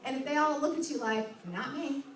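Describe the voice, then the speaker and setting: A high-voiced woman talks fast during an enthusiastic sales training for a group in a meeting room, acting out customer dialogue and laughing often. Captured from a distance in an echoey room, with slight background noise.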